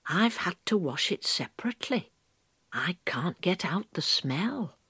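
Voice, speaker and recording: A woman voicing a small, polite, busy female hedgehog washerwoman in a storybook reading, with bright eager chatter. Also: on the low side, sing-song, measured pace, husky, no echo, full character voice. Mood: chatty, busy. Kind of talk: storybook read-aloud.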